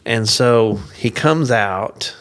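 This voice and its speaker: A man's voice: mid-range voice, drawn-out words, smooth. A man guest on a podcast, telling a story in a casual interview, acting out the quoted lines and laughing often. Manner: animated, acts out quoted dialogue in raised voices.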